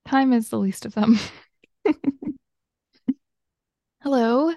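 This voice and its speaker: A chatty woman from Georgia co-hosting a casual podcast, laughing often as she tells stories. Her voice has a gravelly edge, and the recording is dry and close with no room sound. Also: fairly high pitch, slow, dark tone, no room sound. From Georgia, USA. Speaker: podcast co-host. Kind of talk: casual chat.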